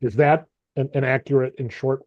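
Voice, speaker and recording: A man's voice: medium pitch, fairly even intonation, a little mellow, dry recording, highs cut off. A man chairs a casual online meeting, speaking over a video call in a dry, close sound. He often stumbles and repeats words as he works through his thoughts. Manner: halting, repeats words while thinking. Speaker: meeting facilitator.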